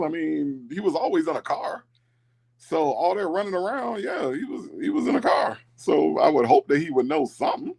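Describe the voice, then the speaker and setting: Lively gravelly-voiced man hosting a livestream. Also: on the high side, moderate pace. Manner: animated, reads chat comments aloud, repeats himself. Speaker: livestream host. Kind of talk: casual live chat commentary.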